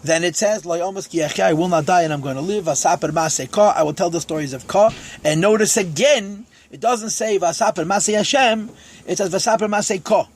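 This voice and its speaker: A man with a husky, raised voice teaches a lesson on Psalm verses. He quotes each line in Hebrew and then unpacks it in English, step by step. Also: sits high, brisk, hardly any pauses. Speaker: Torah teacher.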